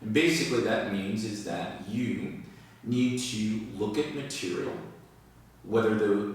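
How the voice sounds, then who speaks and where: A man with a lowish voice teaches English at an unhurried, careful pace. He stresses and repeats key words as he explains. He sounds set back from the mic in a very echoey room. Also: far from the mic. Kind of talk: video lesson.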